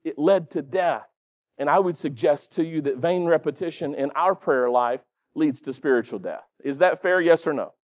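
A man's voice: on the high side, normal speed, lo-fi sound. A middle-aged man preaching a sermon in a conversational way, often stopping to quiz the congregation.

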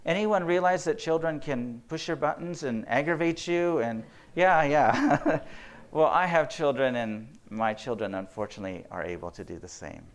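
Slightly high-voiced and speaking at normal speed, this doctor lectures health workers from a faith perspective. He's an earnest storyteller who performs the quotes he shares.

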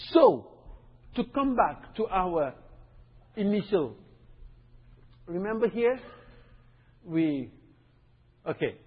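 High, lively husky male preacher. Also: slow, pauses often. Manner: teaching, repeats points and checks in with "right?". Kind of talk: sermon. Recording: dull, echoey hall recording.

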